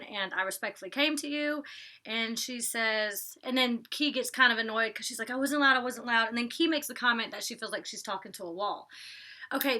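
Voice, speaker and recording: A woman's voice: a little high, bright, forceful tone. A young woman chatting casually at home, giving an opinionated review with lots of likes, ums and laughs. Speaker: vlogger reviewing a reality show. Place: home, indoors.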